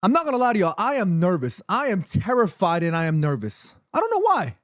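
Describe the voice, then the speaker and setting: An excitable man hosts a football watchalong from his room, speaking in a fairly high voice. He gets emphatic and repeats himself when his nerves kick in. The sound is dry and close, with no room echo. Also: fairly quick. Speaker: streamer hosting a football watchalong. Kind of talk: excited livestream chat. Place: his room in New York City, indoors.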